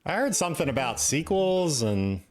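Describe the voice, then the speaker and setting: A man's voice: on the high side, normal speed, faint music behind. A man hosting a live stream, chatting casually with many fillers and restarts. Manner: relaxed, rambling with many fillers. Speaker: stream host.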